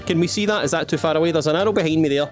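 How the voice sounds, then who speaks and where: Talking very fast in a voice on the high side, a Scottish gaming channel host gives playful let's-play commentary over soft background music. His rambling is full of self-mocking humor and asides aimed at the viewer.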